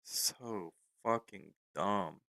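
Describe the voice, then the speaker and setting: A young man commenting on his trading during a live stream, frustrated and swearing in drawn-out outbursts. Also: low voice, gravelly, sharp tone, dry recording, low-quality recording. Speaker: livestreaming futures trader.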